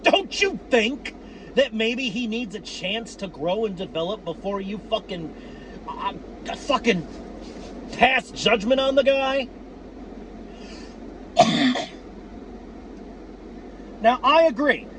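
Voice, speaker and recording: A man giving profane, worked-up fan commentary on his team, repeating himself and breaking into shouts. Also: high-pitched, expressive, slow, long pauses, a little hiss or hum. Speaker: sports fan vlogger.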